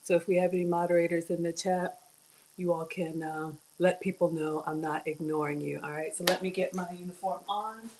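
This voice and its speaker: A woman's voice: lowish voice, fairly even intonation, fairly quick, noisy background. A middle-aged woman hosting a casual cooking livestream, chatty and greeting viewers by name. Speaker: cooking show host.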